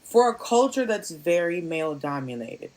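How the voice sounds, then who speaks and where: Low-voiced woman co-host. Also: big pitch swings, normal speed, darkish tone. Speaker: podcast co-host. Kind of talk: casual interview talk.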